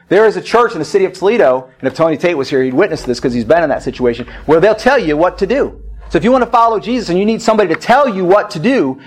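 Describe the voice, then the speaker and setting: A male pastor with a fairly high voice preaches a sermon at a church service. He talks in an emphatic storytelling style, often climbing to forceful declarations.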